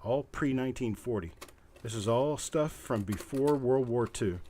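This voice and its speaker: A mellow, mid-range male voice comes through with slight background noise. Hosting a live coin auction from a cluttered room at home, he keeps up quick, repetitive bid calling and chats casually in the gaps.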